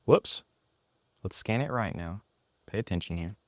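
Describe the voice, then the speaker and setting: A man presenting an app in a product demo, talking excitedly and a bit sarcastically in an indoor room. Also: sits low, measured pace, no room sound.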